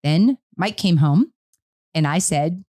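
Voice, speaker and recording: A middle-aged woman co-hosting a casual parenting talk, telling a family story in an animated way and acting out what she said. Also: on the low side, takes it slowly. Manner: animated storytelling, quotes her own words. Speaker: podcast co-host.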